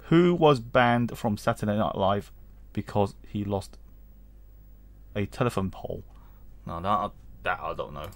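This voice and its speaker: A man's voice: lowish voice, measured pace, long pauses, dry recording. A man giving casual let's-play commentary, reading game text aloud, rambling, humming and chuckling as he goes. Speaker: gaming channel host.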